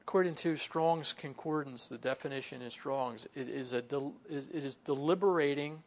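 Barely pausing, a pastor preaches at a moderate pace in a medium-pitched voice. The sermon feels conversational, with frequent "you know" asides and acted-out muttered inner voices.

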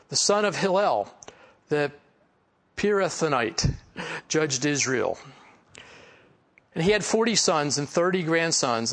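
A pastor from the Philadelphia area, a man with a fairly high voice and a local accent, teaches through a Bible passage. His style is relaxed and conversational, full of asides and fillers.

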